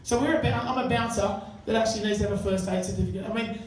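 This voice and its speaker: Crude stand-up comic, echoey pub. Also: male voice, sits high, rapid-fire, darkish tone, a little hiss or hum. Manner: crude, conversational, banters with the crowd. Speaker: stand-up comedian. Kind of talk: stand-up comedy set. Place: live pub venue. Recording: echoey room, mic far off. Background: audience laughter.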